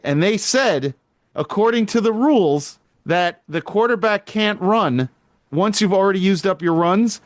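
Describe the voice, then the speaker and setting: A man co-hosting a podcast in casual chat, telling stories in an animated way and swearing freely. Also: high-pitched, dry recording, studio quality. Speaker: podcast co-host.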